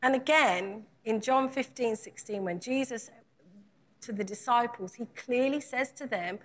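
A woman preaching a sermon with a fairly high voice. She retells scripture as lively dialogue and presses her listeners with earnest, repeated questions. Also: a little slow. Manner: earnest, asks the congregation repeated direct questions.

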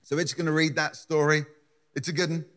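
A man's voice: fairly high pitch, level tone, quick pace, a bit bright. A man preaching a sermon, building his points with emphatic repeated words. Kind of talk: sermon with scripture reading.

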